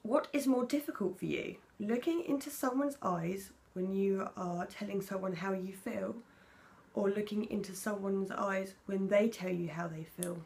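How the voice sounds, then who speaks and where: A young woman from Britain hosts a casual tag vlog, reading personal questions and answering them with candor. Her gravelly, medium-pitched voice keeps a normal speed, chatty in tone and soft-spoken when emotional.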